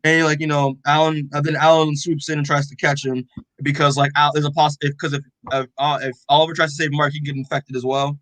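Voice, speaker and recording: A man's voice: on the high side, level tone, fast talker, fairly bright tone, no room sound, poor audio. A man co-hosting a podcast, casually recapping a comic with lots of "like" and acted-out dialogue. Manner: rambling, full of "like" and quoted dialogue. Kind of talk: casual chat.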